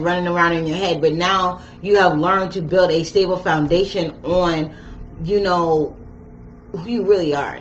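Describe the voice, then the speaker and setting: A woman's voice: lowish voice, slight background noise. A woman giving a casual tarot reading, chatty and slangy, talking straight to her viewers. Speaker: tarot reader. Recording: dull lo-fi sound with faint ambience.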